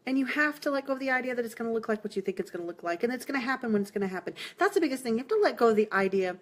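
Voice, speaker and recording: A woman's voice: fairly high pitch, lively intonation, very fast. A woman giving a live-streamed tarot reading, chatty and reassuring, laughing often as she talks to viewers. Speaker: tarot reader.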